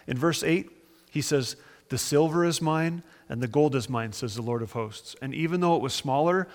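A man's voice: medium pitch, big-room sound. A man delivering a conversational, enthusiastic sermon, reading and explaining scripture to his congregation. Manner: enthusiastic, conversational Bible teaching with dramatic quoted voices. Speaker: pastor.

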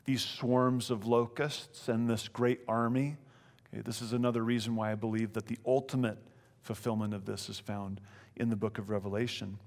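A man's voice: lowish voice, flat delivery, moderate pace, darkish tone, in a large hall. A man preaching a sermon, reading scripture and then explaining it in an earnest, emphatic way that repeats phrases for weight. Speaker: pastor.

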